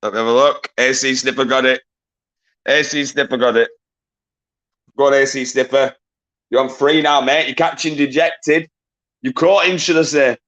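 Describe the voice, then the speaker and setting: A man's voice: mid-range voice, fairly even intonation, moderate pace, pauses often, fairly bright tone. Male quiz host on a live stream, casual and jokey, swears a lot, greets viewers by name.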